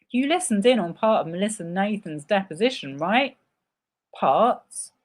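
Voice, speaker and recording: Woman reading a deposition aloud. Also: on the low side. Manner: reads several parts in turn, interjects sarcastic asides. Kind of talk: live dramatic reading with commentary.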